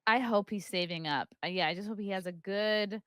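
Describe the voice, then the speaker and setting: A woman's voice: mid-range voice, fairly quick, a bit bright, clean tone, dry recording. A woman hosting a podcast in casual chat, dry and sarcastic. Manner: dry, sarcastic, passive-aggressive. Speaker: podcast host.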